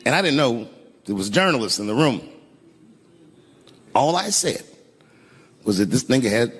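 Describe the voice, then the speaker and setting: A man's voice: medium pitch, sing-song, moderate pace. A middle-aged man performing a stand-up comedy set, telling stories animatedly and acting out other voices. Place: large venue with live audience. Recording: live hall reverb, audience noise.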